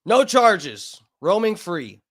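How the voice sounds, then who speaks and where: High-voiced man swearing through a rambling story. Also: slow. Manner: rambling, profanity-laced, animated. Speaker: vlogger. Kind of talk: casual storytelling.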